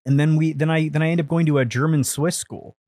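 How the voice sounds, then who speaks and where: Animated man telling stories, very dry sound. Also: a little high, fast, dry recording. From India. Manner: animated storytelling with frequent restarts and swearing. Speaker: podcast guest. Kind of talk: casual conversation.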